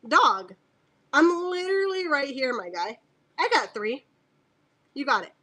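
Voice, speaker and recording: Woman host for a live fabric sale: high voice, unhurried delivery, chatty and jokey with lots of laughter. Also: sing-song, noisy background. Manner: chatty and joking, laughs often, talks aside to her dog. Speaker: fabric seller on a live auction stream. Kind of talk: casual live-stream selling.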